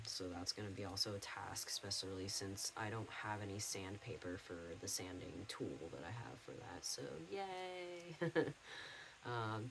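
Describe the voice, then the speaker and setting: A man's voice: on the low side, creaky, slight background noise, poor audio. A young man rambling through a casual life-update vlog at home, full of fillers and restarts. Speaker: vlogger.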